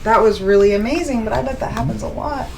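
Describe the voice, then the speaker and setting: A woman hosts a live show in a studio with a slightly raised pitch. She is bubbly and laughs often, chatting casually with guests. Faint noise sits behind her. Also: fast, creaky, a little mellow, rough recording. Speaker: host. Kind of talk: casual chat.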